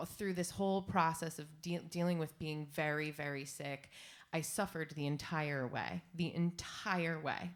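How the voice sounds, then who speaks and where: A woman in her thirties, a singer-songwriter talking on stage between songs, tearful and rambling with halting fillers. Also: deep voice. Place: stage at a live songwriters' round.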